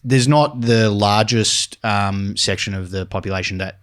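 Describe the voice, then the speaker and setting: A man's voice: on the low side, measured pace, a bit bright. A man co-hosting a podcast, chatting casually and slipping in joking asides. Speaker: podcast co-host. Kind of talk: casual chat.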